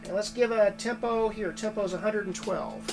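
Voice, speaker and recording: A man's voice: high voice, moderate pace. A man giving a steel guitar lesson, thinking aloud with many fillers and restarts. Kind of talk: instructional talk between playing.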